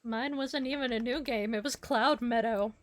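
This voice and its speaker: A woman hosting a casual gaming stream and chatting with her co-op partner, giggly and relaxed. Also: fairly high pitch, moderate pace. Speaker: streamer and host. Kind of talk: casual chat while gaming.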